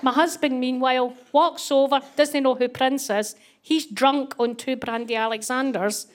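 There's slight background noise as a middle-aged comedian from Scotland tells a story on stage, her voice high and her pace moderate. She animatedly mimics the people involved and laughs through her punchlines.

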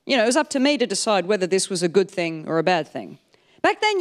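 A woman tells a true story on stage. Her wry, comic delivery keeps the pitch moving, and it climbs and dips often. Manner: animated, wry, comic timing. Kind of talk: live storytelling performance.

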